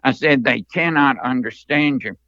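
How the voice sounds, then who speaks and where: An older man telling stories from long ago as an interview guest, in a slow, earnest manner. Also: medium pitch, no room sound, highs cut off. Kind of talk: storytelling interview.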